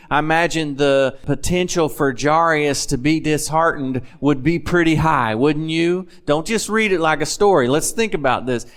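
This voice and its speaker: A man's voice: a little high, a bit bright, clean tone. A man preaching a sermon in a folksy, conversational way, often asking his listeners questions.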